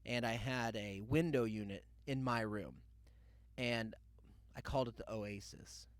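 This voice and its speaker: A young man hosts a podcast, spinning a loose comic story packed with asides and mock quotes in a rambling monologue. His voice sits lowish and moves a little slowly, with no echo.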